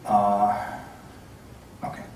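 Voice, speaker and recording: In a debate hall, a man gives a presentation very slowly and hesitantly, with many fillers and self-corrections. His voice is a little mellow, and he is recorded from a distance, away from the mic, in a very echoey hall with a little hiss or hum.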